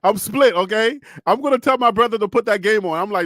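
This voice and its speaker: A high-voiced man hosts a casual sports chat show, teasing his panel loudly and laughing often. His voice is recorded dry and close, with little room sound. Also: fast, no echo. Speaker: podcast host. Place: home studio.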